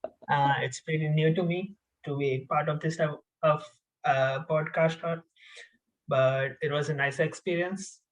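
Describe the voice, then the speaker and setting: A man's voice: a little high, fairly even intonation, a little slow, poor audio. A man, a podcast guest, speaking politely and briefly with some hesitation. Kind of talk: casual podcast chat.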